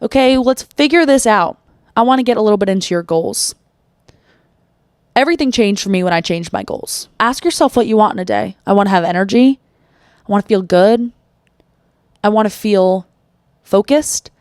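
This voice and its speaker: A blunt woman hosting her own motivational podcast, cursing casually and firing off rhetorical questions. Her voice sits at an ordinary middle pitch and sounds dry and close to the mic, with no room around it. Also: animated, normal speed, long pauses, a little mellow, clear, resonant tone, no echo. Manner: blunt, swears freely, asks rhetorical questions; acts out quoted inner voices. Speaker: podcast host. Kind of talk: solo motivational podcast talk.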